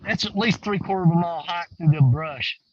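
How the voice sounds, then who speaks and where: A man talking casually to viewers from a riverbank, folksy and rambling, swinging between excited and hushed. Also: on the high side, fairly quick, breathy edge, no room sound, dull audio. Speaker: outdoor fishing vlogger. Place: outdoors on a riverbank.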